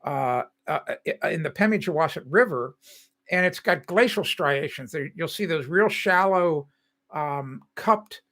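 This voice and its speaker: Older homebuilding host, bright slightly high voice, rambling casual livestream chat with chuckles. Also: male voice, expressive, unhurried. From Cincinnati, Ohio. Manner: rambling, chuckling often, many fillers. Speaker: host of a home-building livestream. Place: home, indoors.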